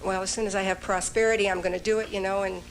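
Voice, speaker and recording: A woman's voice: mid-range voice, little pitch movement, very fast, slight background noise, low-quality recording. Frank woman speaking up from the audience. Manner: frank, self-critical. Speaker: audience member. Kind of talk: personal confession from the audience.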